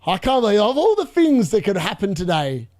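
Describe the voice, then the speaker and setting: A young man hosting a live fantasy football watchalong, excitable and gloating, laughing often and repeating himself. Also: sits high, brisk. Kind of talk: live stream commentary.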